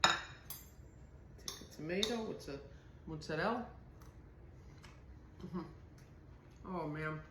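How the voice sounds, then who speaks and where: A woman's voice: lowish voice, slow pace, pauses often, pushed and bright, reverberant. A middle-aged woman from northern New Jersey with a New Jersey accent, chatting homily while she makes a salad in her kitchen. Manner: chatty, homey, reminiscing. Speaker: home cooking host. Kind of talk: casual cooking demonstration.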